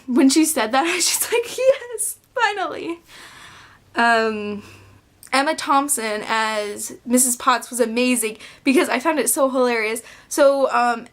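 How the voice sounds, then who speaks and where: Brief: young woman vlogger, casual review, rambling with lots of fillers, a touch high. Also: a bit bright. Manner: rambling, filler-heavy, self-interrupting. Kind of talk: casual film review vlog.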